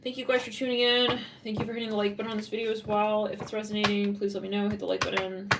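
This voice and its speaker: A chatty woman with a Californian accent talks loosely through a tarot reading, laughing between phrases and filling her sentences with "like." Her voice sits at an ordinary pitch. It is recorded from a little way off the mic, with a faint hiss underneath. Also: level tone, rapid-fire, vocal fry, far from the mic. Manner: rambling, giggly, lots of "like". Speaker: tarot reader.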